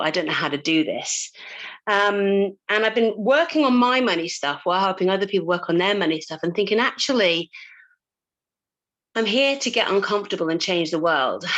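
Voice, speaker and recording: A woman's voice: medium pitch, a bit bright, muffled recording. A woman coach talking casually to a group, chatty, with frequent laughs and fillers and casual swearing. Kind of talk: casual talk to a live group.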